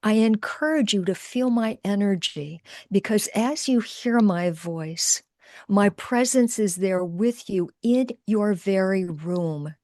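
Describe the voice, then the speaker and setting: A woman channeling a slow, serene archangel. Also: medium pitch, darkish tone, no echo, studio quality, close to an everyday voice. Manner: slow, measured, solemn pronouncements. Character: serene archangel spirit speaking through a medium.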